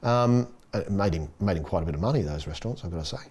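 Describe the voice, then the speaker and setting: A middle-aged Australian man, a chef, chatting casually on a podcast and telling lively stories, acting out quoted voices with big jumps in pitch. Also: rapid-fire, husky. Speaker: chef guest.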